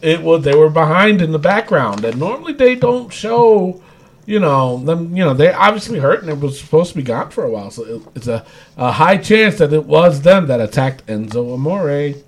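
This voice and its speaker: A man's voice: a little high, sing-song, moderate pace. A man co-hosting a podcast, chatting casually and rambling through a wrestling recap with frequent restarts. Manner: rambling, restarts, laughs often. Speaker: podcast co-host.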